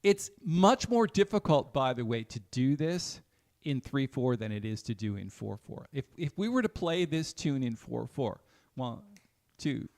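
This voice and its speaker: A man teaching jazz piano in a live online lesson, talking in a relaxed, thinking-aloud way and counting beats aloud as he plays. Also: mid-range voice, moderate pace, vocal fry, hardly any pauses. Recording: piano playing behind the voice. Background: piano music.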